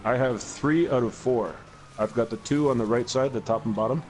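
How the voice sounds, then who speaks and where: A man in his forties, co-hosting a casual gaming podcast, speaks at a moderate pace in a medium-pitched, slightly mellow voice. He rambles through long stories with constant profanity and many restarts. The poor audio carries a little hiss or hum.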